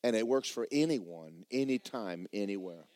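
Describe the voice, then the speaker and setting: Man, preacher, low voice, animated storytelling, dry close sound. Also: moderate pace, no room sound. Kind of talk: sermon.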